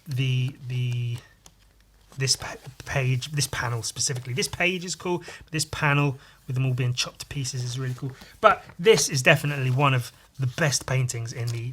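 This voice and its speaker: A man's voice: medium pitch, fairly bright tone, slight background noise. A man hosting a podcast who rambles casually and enthusiastically about his own comic artwork, swearing freely. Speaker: comic artist and podcast host.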